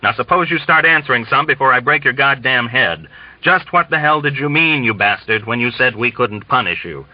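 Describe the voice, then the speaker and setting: A man's voice: medium pitch, lively intonation, brisk, dry recording, voice pushed up, lightly acted. A man voicing a bloated, bellowing army colonel who bullies and sneers, in a dull, dry recording. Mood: roaring. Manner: roaring, blustering and sarcastic.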